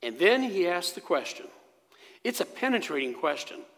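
A man preaching a sermon as pastor in a church, telling the story slowly and dramatically, dropping to a hush at key moments. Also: high-pitched, sing-song. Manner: slow, dramatic storytelling with sudden hushed drops. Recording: long echo of a church hall.

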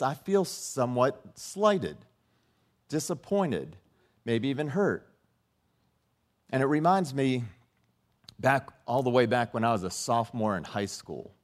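A middle-aged man preaching a sermon, telling a personal story and acting out the dialogue in it. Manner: storytelling, acts out dialogue with rising and dropping pitch. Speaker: pastor.

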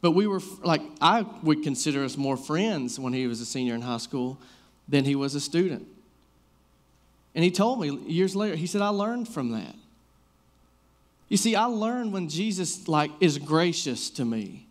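In a fairly high, animated voice and at a moderate pace, a man in his thirties preaches casually. His sermon wanders through personal stories, told conversationally with many fillers like "like."

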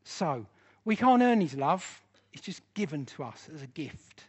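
A man's voice: a little high, big pitch swings, a little slow, slightly rough. A man teaching a church Bible study class, speaking earnestly and with emphasis.

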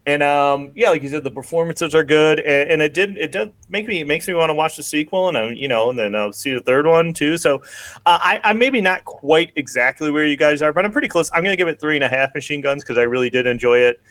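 A man co-hosting a podcast, chatting casually and halting with lots of fillers and restarts. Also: fairly high pitch, a bit bright, dry recording. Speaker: podcast co-host. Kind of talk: casual chat.

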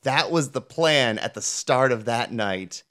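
Podcast cohost gal, super expressive pitch, acts out lines while she talks. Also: unhurried. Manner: animated storytelling, acts out quotes, laughs. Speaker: podcast co-host. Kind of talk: casual chat.

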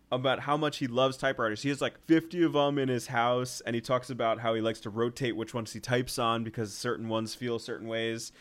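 A man's voice: medium pitch, a bit bright. Rambling young man on a podcast. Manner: rambling, filler-heavy, acts out scenes with quick put-on voices. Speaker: podcast co-host. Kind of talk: casual movie chat.

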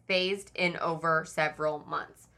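Woman, podcast host, bright voice; true-crime chat, reads from notes, chatty asides. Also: low-pitched, fairly even intonation, measured pace.

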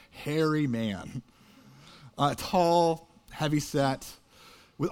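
Earnest animated male preacher. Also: medium pitch. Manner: earnest, conversational, builds to loud animated peaks. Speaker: pastor. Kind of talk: sermon storytelling.

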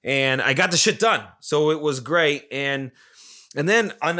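Brief: male solo podcast host, English as a second language, loose profane rambling, bright tense tone. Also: a little high, expressive, unhurried. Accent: non-native English. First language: not English. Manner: rambling, profane, many restarts and repetitions. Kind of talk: casual solo podcast monologue.

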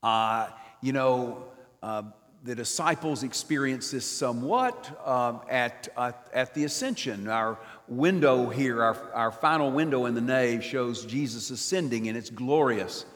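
An older man preaching a sermon in a church, swinging from loud emphatic lines down to near whispers. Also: medium pitch, a little slow, big-room sound. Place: church nave.

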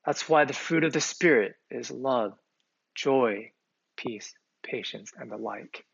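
A man's voice: medium pitch, takes it slowly, creaky, slightly rough, no room sound. A male pastor delivering a sermon in an earnest, conversational way, with occasional fillers. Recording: slightly muffled, dry recording.

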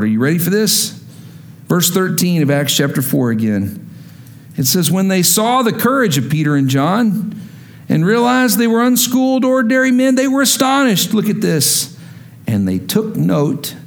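A man preaching a sermon, reading scripture and speaking to the congregation, climbing in pitch on emphatic lines and dropping low and quiet for serious points. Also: gravelly. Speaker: pastor.

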